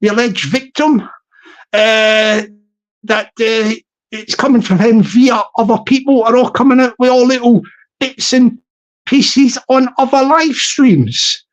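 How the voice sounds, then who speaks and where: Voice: medium pitch, unhurried, dull audio. Rambling, repetitive livestream host. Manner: rambling, repeats phrases, many restarts; effusive greetings to chat viewers. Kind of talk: casual livestream commentary.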